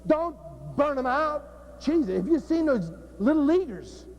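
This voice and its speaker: A man's voice: very high-pitched, very animated, a little slow, lo-fi sound, slight background noise. A man who is a football coach, giving a joking, blunt, profane talk at a coaching clinic. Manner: blunt and profane, cracking jokes.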